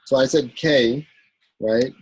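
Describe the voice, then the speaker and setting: A man teaching an Arabic grammar lesson in a recorded class, explaining patiently with many pauses, ums and restarts. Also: mid-range voice, a little hiss or hum, rough recording. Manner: halting, searching for words, many ums and restarts; explains a grammar point patiently, checking with "right?".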